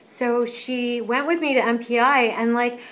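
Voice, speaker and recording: A woman's voice: on the high side, normal speed. Candid young woman sharing her story. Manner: candid and animated, lots of fillers, swears freely. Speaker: sharer at a recovery meeting. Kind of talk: casual personal sharing.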